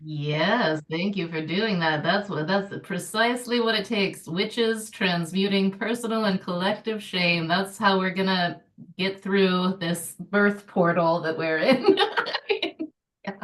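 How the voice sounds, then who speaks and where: A woman author speaking as a guest in an interview, animated and playful, laughing easily. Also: medium pitch, slow pace, distant mic. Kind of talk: casual conversational interview.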